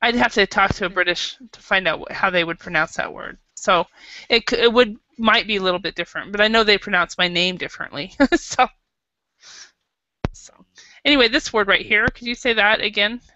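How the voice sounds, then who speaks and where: Bright American woman teaching English. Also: mid-range voice, brisk, dry recording. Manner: hesitant, many fillers and restarts, patient explaining. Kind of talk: classroom teaching. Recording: dull lo-fi classroom recording.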